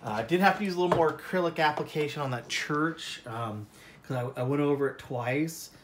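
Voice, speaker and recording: A man's voice: on the high side, a little fast, roomy sound, noisy background. A man from Colorado giving a casual oil painting lesson, rambling and self-deprecating, with many fillers. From Colorado, USA.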